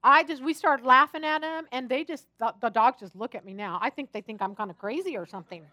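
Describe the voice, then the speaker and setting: A woman preaches a sermon in a lively, chatty way, mixing humor into her stories. Her voice sits high and sounds bright. It is recorded close and dry, with no room sound. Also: fast talker, no echo. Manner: animated, chatty and humorous storytelling. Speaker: pastor.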